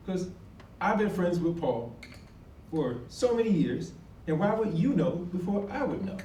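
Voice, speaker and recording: Brief: male storyteller, forties, lively and mellow, slightly higher voice, recorded from a distance in an echoey hall. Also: a little slow, pauses often, a little hiss or hum. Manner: animated, acts out quoted dialogue with emphatic outbursts. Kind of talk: live personal storytelling. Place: college event hall.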